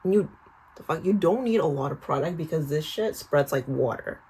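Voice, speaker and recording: A woman's voice: low-pitched, animated, a little fast, a little mellow, breathy edge. A young woman in her twenties chatting through a storytime vlog while doing her skincare. She tells the story animatedly, swears often and calls the viewer "girl". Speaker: vlogger.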